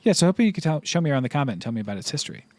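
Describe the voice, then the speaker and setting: A man's voice: on the high side, sing-song, rapid-fire, a little mellow, a little hiss or hum, voice pushed up. Man reading as a firm older nun. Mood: measured. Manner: read aloud from on-screen game text. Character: measured older nun, kindly but firm.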